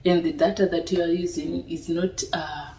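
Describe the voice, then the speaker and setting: A young woman chats unhurriedly to her audience, checking in with "you understand?". Her voice sits low, and it comes across a bit distant from the mic, with a noticeable room echo. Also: fairly even intonation, moderate pace, mellow. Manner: chatty, asks "you understand?" often. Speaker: vlogger. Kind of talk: casual talk to camera. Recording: roomy echo, voice a little off-mic.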